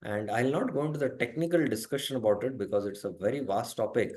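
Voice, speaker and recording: A man's voice: mid-range voice, quick pace, a little mellow. A man teaching a scripture class. He explains carefully, sometimes hesitates, and puts questions to his students. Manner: quizzes students by name.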